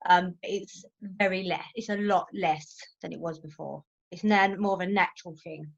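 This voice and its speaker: A woman's voice: fairly low pitch, steady tone, normal speed, gravelly. A woman co-hosting a podcast in casual chat, speaking earnestly and openly, with many fillers. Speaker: podcast co-host. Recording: dull lo-fi sound.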